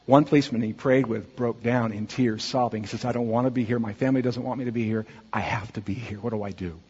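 A man speaking earnestly to a congregation as he narrates a slideshow, asking for the next slide and pausing on fillers. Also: medium pitch, darkish tone, husky. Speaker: church mission speaker presenting slides. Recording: dull, muffled audio with long hall reverb.

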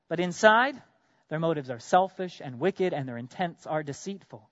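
Pastor guy preaching, high-ish voice, asks the church pointed questions, kinda muffled dry audio. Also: lively intonation, a little fast, no room sound. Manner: earnest, with sudden loud emphatic bursts and quiet drops; addresses congregation directly with rhetorical questions. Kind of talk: sermon.

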